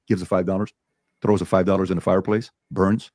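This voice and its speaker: A man's voice: sits low, fairly even intonation, racing, mellow, slightly rough, no room sound. A man telling a story to an audience in a played clip, acting out the voices of the characters. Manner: tells a story at speed and acts out the characters' voices.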